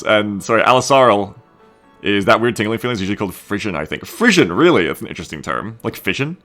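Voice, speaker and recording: Man, deep voice, animated pitch, casual swearing streamer, self-deprecating, faint background music. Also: gravelly. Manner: relaxed, self-mocking, swears casually, reads chat aloud. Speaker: streamer and mod developer. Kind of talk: casual live-stream chat while coding.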